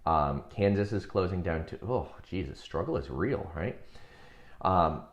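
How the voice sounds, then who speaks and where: A man's voice: sits low, expressive, measured pace. A man who works as a hypnosis and success coach, chatting casually on a livestream and answering viewer comments in a rambling way full of fillers, often chuckling.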